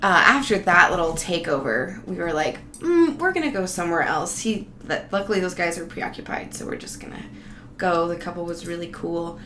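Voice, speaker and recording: A woman's voice: fairly low pitch, moderate pace, pushed and bright. A woman telling a casual, rambling travel story, profane and sarcastic. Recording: roomy echo, faint background noise.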